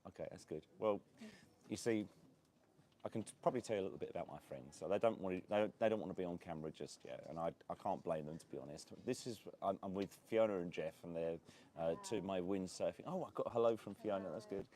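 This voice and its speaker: A man with a low-pitched, dark voice talks fast, with slight hiss or hum in the audio. Hosting a property and lifestyle channel, he's live streaming casually from an outdoor beachside cafe, rambling with many fillers and frequent laughs.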